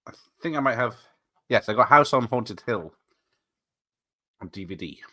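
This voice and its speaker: A man's voice: mid-range voice, animated, normal speed, pushed and bright. A man streaming a watch party, chatting casually, laughing often and replying to viewers. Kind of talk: casual live commentary.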